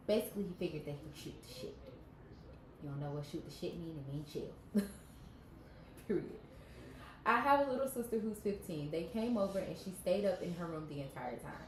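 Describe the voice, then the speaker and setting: A woman's voice: lowish voice, a little mellow. A woman co-hosting a podcast with a stuffy nose, reading a story aloud and breaking off to react and joke. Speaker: podcast co-host reading stories. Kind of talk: casual story reading and chat. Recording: echoey room with background noise.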